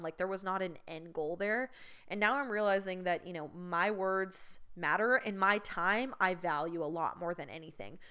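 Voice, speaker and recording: A woman's voice: on the low side, fairly bright tone, clean tone. A young woman hosting a podcast, telling a story in a frank, exasperated, self-mocking way. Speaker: podcast host. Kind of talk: candid storytelling monologue.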